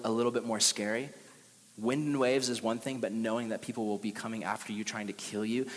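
A young man preaching a casual, animated youth sermon and acting out the quotes he tells. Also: mid-range voice, long reverb tail. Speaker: youth pastor.

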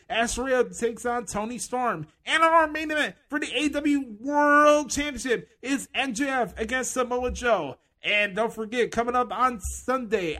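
A man doing a mock impression of a hyped-up male wrestling TV announcer who plugs upcoming matches in a booming promo delivery. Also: sharp tone.

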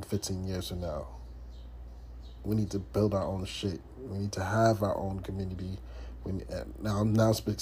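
A man's voice: deep voice, warm tone, a little hiss or hum. A man from the United States hosting a podcast, talking in a blunt, profane, casual monologue full of restarts. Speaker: podcast host.

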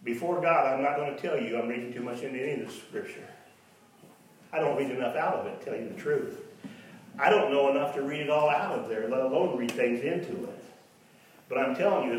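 A man's voice: a little fast, slight background noise. A man preaching a sermon, sometimes mocking imagined doubters in a raised voice, recorded in a church. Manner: mocks imagined doubters in a high voice. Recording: echoey hall from far off.

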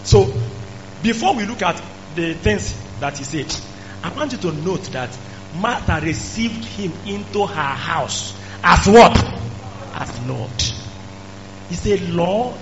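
Male preacher, high-pitched and emphatic; muffled lo-fi recording. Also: big pitch swings, takes it slowly. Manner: emphatic, rising to shouts. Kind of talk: sermon. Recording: dull lo-fi recording with faint hum.

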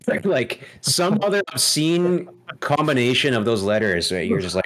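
A man's voice: fairly low pitch, moderate pace, fairly bright tone. A man hosting a podcast, asking playful questions and laughing often in a casual chat. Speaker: podcast host.

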